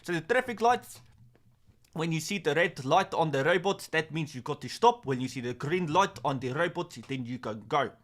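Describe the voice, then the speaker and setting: Animated and a little high, this young man's fairly bright voice moves at a moderate pace as he streams about fantasy football. Chatty and self-deprecating, he rambles through viewer comments, often repeating himself and starting over.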